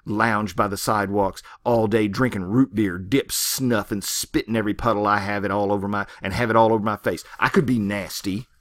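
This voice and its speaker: A man's voice: lowish voice, steady tone, a little fast, hardly any pauses, a bit bright, lightly acted. A man voicing a proud middle-aged farm woman who rails indignantly at heaven. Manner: railing, indignant.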